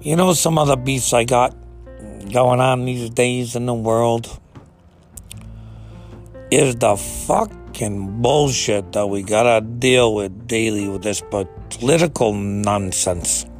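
Slow, exasperated ranting man. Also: medium pitch, faint music behind. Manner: exasperated, swearing, rising into outbursts. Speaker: ranting commentator. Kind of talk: profane comedic rant.

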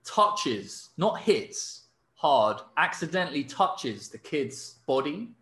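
A man's voice: on the high side, slow pace, reverberant. A man hosting a podcast, telling a story casually with lots of fillers. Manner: animated storyteller, many fillers and laughs. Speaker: podcast host. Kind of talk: casual chat.

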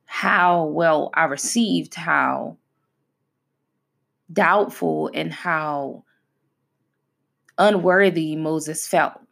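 A woman's voice: low-pitched, extremely slow, creaky, long pauses, a bit bright. A woman in her thirties hosting a podcast, talking candidly and from the heart in a casual, conversational way and stressing her points by repeating them. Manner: conversational and heartfelt, with emphatic repetition. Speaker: podcast host. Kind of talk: candid personal talk.

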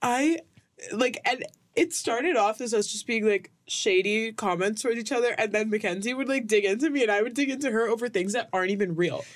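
A young woman in her twenties, co-hosting a casual chat and telling a funny story, talking fast with lots of "like" and laughing often. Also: fairly high pitch. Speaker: podcast co-host.

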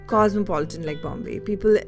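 A woman from Delhi shares personal stories in a candid, reflective way, often pausing to search for her words. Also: mid-range voice, faint music behind. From India (Delhi). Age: adult. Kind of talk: personal storytelling monologue.

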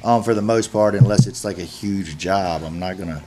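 A man in his forties hosting a casual chat, talking in a halting, rambling way with frequent restarts. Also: deep voice, background noise. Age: 40s.

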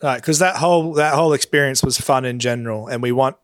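A man's voice: medium pitch, fast, fairly bright tone, no echo, clean studio sound. A man co-hosting a casual podcast, teasing and joking with his co-host.

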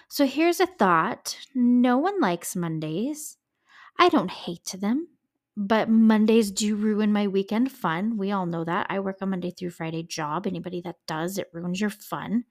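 Woman doing a true crime podcast, chatty and emotional, swears when it gets to her. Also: medium pitch. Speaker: podcast host.

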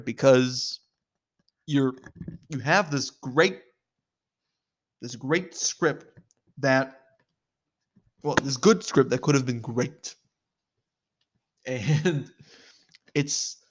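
A man giving a casual spoken film review, blunt and profane, restarting sentences and filling gaps with "um" and "like". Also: medium pitch. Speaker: movie reviewer.

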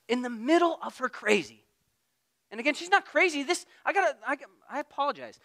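A man preaching a sermon in a conversational way, at times getting loud and at times dropping to a hush. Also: very high-pitched, expressive, fairly quick. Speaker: pastor.

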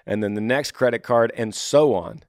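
A man's voice: medium pitch, moderate pace, a little mellow, no room sound. Earnest male advice host, dry sound. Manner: earnest, acts out listeners' worries in voices. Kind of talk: casual advice talk reading listener emails.

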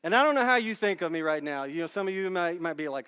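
A man's voice: high-pitched, expressive, fast talker, bright, forceful tone, smooth. A man in his thirties preaching a sermon in a church, telling a candid, self-deprecating story with many restarts. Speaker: pastor. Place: church sanctuary.

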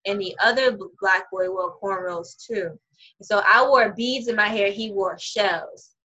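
A young adult woman telling stories in a casual chat over a video call, animated, profane and quick to laugh. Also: mid-range voice, slightly rough. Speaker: conversation partner. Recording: muffled video-call audio.

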